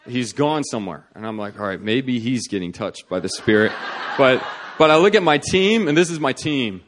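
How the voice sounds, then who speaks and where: A man preaching, telling a testimony story with laughter, moving from hushed quoted prayers to loud excited outbursts. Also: medium pitch, moderate pace, background noise.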